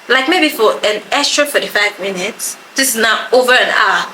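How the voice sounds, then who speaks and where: A woman's voice: mid-range voice, fairly quick. A woman telling a story in a casual chat, acting out the voices of the people in it. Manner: animated storytelling, acts out quoted voices. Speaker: podcast co-host telling a story. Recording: echoey room with background noise.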